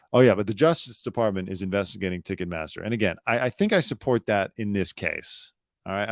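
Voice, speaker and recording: A man's voice: low-pitched, no echo, studio quality. A man hosting a live news commentary show, blunt, sarcastic and opinionated, talking loosely with fillers and asides.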